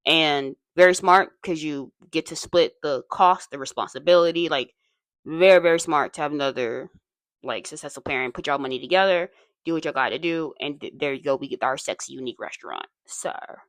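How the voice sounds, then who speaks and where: Deep-voiced and brisk, a woman hosts a laid-back commentary video essay with no room sound. She chats freely and drifts into many asides, her voice showing some fatigue and strain.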